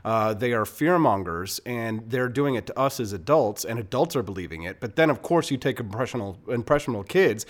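Animated, combative male talk host. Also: mid-range voice, fairly quick. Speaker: radio show host. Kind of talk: opinionated political commentary.

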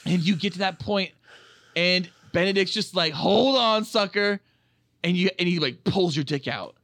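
Excitable high-voiced man, profane and rambling. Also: normal speed, no echo. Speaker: podcast co-host. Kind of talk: casual film review chat.

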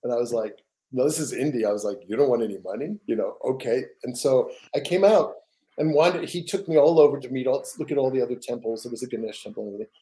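A man's voice: medium pitch, fast talker, mellow. An older man, a guest author, telling stories in a rambling, casual way with repeated words and laughs. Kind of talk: casual storytelling.

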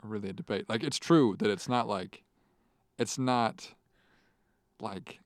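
A man's voice: lowish voice, measured pace, no echo, studio quality. A young man hosting a podcast in casual chat, teasing and laughing often with many fillers. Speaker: podcast host.

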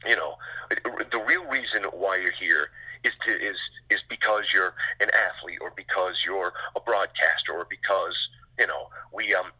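A middle-aged sports radio host talks casually as a guest, rambling from one story to the next with quick asides. His voice is low and husky, with a hard, forceful edge to it. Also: poor audio. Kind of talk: casual interview chat.

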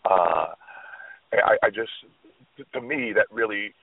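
A man's voice: fairly low pitch, slow pace, vocal fry, dry recording. A man co-hosting a motivational talk show, telling a story in an earnest, thoughtful way with frequent restarts, heard over a tinny phone line.

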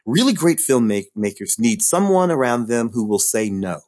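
A man with a middle-pitched voice that swings widely as he talks. He chats casually about films, rambling and often restarting his sentences. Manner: rambling, halting restarts, lively. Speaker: podcast co-host. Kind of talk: casual film discussion.

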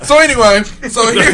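A man telling a long story in a casual chat, animated and profane, laughing often and acting out the other people in it. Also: very high voice, heavy background noise. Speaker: podcast host telling a story.

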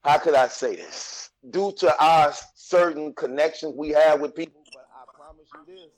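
A man's voice: on the high side, normal speed, rough recording. Insistent man with a raised voice. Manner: insistent, teasing, repeats himself for emphasis. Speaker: podcast co-host. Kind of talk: casual chat about battle rap.

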